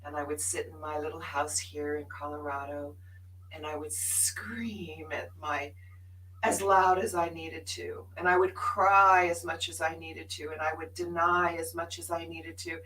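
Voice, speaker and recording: A woman speaks in a heartfelt, emphatic way, sharing her spiritual journey on a live show. Her voice is bright and forceful and sits a little low for a woman. She sounds somewhat distant from the microphone. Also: little pitch movement, moderate pace, few pauses, slight background noise. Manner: earnest and emphatic, laughs often.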